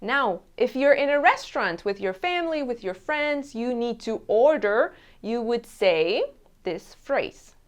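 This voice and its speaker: A woman teaching a language lesson, saying each travel phrase slowly and clearly and repeating it. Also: fairly high pitch, animated. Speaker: Spanish teacher.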